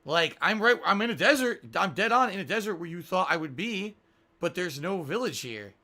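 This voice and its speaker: A man's voice: high-pitched, animated, moderate pace, bright, forceful tone. A man streaming a game live, rambling, thinking aloud and reading out viewer tips. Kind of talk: live-stream gaming commentary.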